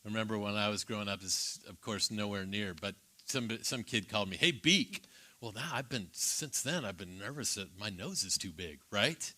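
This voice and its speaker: Thoughtful man, low bright voice. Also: moderate pace, few pauses. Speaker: pastor. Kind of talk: reflective conversation.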